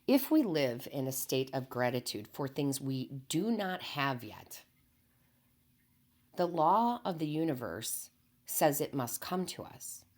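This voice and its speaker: Speaking slowly in a deep voice, a woman who reads tarot gives her viewers quiet, heartfelt spiritual encouragement. She repeats her central lines and stays understated throughout.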